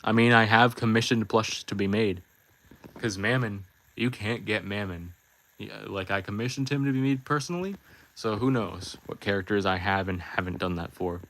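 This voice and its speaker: Chatty male livestream host, bright voice. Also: on the low side, moderate pace, a little hiss or hum. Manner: chatty, rambling. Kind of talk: casual chat answering viewers.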